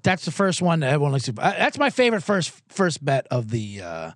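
Lively, rambling male betting show host. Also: fairly high pitch, a little fast, no echo, studio quality. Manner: profane, rambling, reads viewer comments aloud. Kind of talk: casual livestream commentary.

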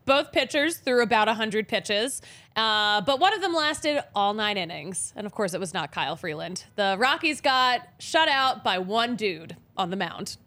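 A woman's voice: fairly high pitch, bright, forceful tone. A woman co-hosting a casual sports podcast, talking in a playful, easygoing way. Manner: playful, laughs easily. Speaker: podcast co-host.

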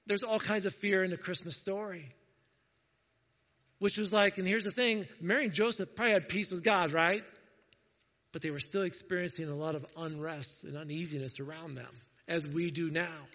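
High-voiced pastor preaching in a reverberant hall. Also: male voice, normal speed. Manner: conversational, animated, acts out quoted voices. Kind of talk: sermon. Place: church sanctuary. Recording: dull sound with long hall reverb.

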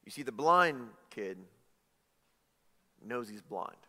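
A man's voice: medium pitch, lively intonation, slow pace, pushed and bright. A man preaching a sermon, speaking casually and animatedly, acting out Bible characters in everyday modern voices. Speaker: pastor. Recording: long hall reverb.

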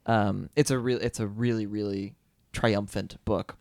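A man's voice: on the low side, fairly even intonation, unhurried, vocal fry, a little mellow, dry recording, studio quality. A man co-hosting a podcast, recommending books in a casual, enthusiastic and rambling way. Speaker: podcast co-host. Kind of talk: casual chat, book recommendation.

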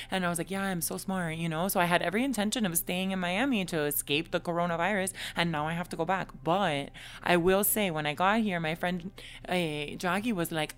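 A woman's voice: lowish voice, a little fast, clean tone. A woman co-hosting a casual chat podcast, talking in a chatty, gossipy and emphatic way. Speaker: podcast co-host.

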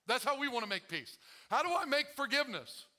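A man's voice: very high-pitched, sing-song, fast talker, sharp tone. A male pastor preaching a sermon to his congregation, calling out to them and acting out the prayers he quotes. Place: church.

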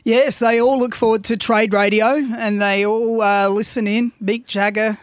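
A man's voice: high-pitched, level tone, measured pace, no echo. A man on a radio show, sheepish and modest, hesitating as he talks about his own comedy songs. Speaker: radio producer and song maker. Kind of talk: casual radio banter. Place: radio studio.

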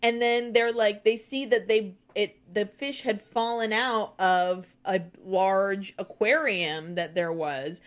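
A young adult woman co-hosting a podcast, chatting about a film with quick interjections and laughs. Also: medium pitch, fairly even intonation. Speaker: podcast co-host. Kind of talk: casual movie recap chat.

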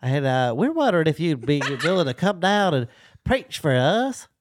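A man putting on a forced high voice to play a made-up caller in a prank phone call. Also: very animated, noisy background. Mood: put-on. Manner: forced high squeezed voice, halting.

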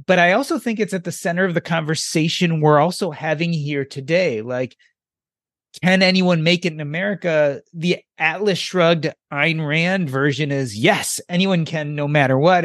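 Host guy, kinda high voice, chatty questions, dry close mic. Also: normal speed, a bit bright, dry recording. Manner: conversational, drawing out the guest. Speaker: podcast host. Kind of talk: interview questions and commentary.

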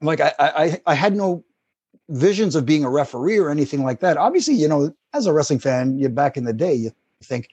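A man's voice: fairly high pitch, normal speed, breathy edge, no room sound. A middle-aged man, a former wrestling referee telling rambling anecdotes as a guest. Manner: rambling, animated anecdotes with acted quotes. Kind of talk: casual storytelling.

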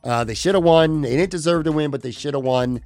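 A man hosting a late-night podcast, his voice on the high side and wearing thin after an illness. He talks in an easygoing, measured way. The sound is dry and close, with no room echo. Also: a little mellow, faint music behind. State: losing his voice after being sick. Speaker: podcast host. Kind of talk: casual chat.

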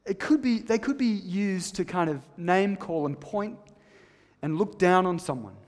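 A man preaching a sermon emphatically, swinging between loud stresses and soft, low asides. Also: expressive, a little slow, long reverb tail.

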